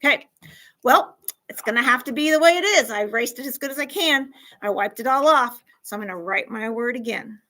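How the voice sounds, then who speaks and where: A woman teaching a class of fourth graders, with a bright, fairly high voice. She talks in an animated way, acts out small scenes and keeps asking the children questions. Her style is friendly and suited to young kids. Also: a little fast, poor audio. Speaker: school counselor teaching a class.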